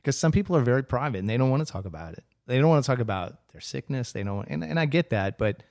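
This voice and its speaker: A man's voice: mid-range voice, animated, fast talker, creaky, darkish tone, no room sound, clean studio sound. A man as a podcast guest, telling stories in a chatty, self-mocking way and acting out what people said. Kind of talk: casual storytelling interview.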